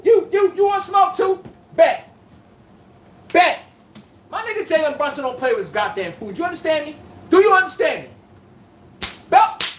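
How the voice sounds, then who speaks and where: A man hosting a live-streamed sports podcast, talking to the chat in a loud, profane trash-talking manner. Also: extremely high pitch. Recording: echoey room from far off, faint noise.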